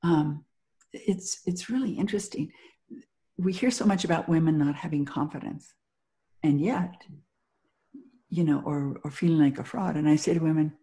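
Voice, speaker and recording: A middle-aged woman with a low, mellow voice talks as an interview guest. She gives motivational talk and acts out quick quoted scenes as she goes. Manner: animated storyteller acting out little quoted scenes. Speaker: guest, business founder.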